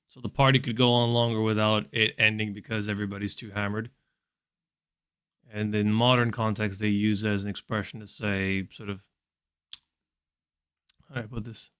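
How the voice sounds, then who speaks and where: A man's voice: lowish voice, smooth. Man musing as he reacts to clips. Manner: relaxed, musing, wordy with fillers. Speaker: vlogger. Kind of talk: casual commentary reacting to clips. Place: home.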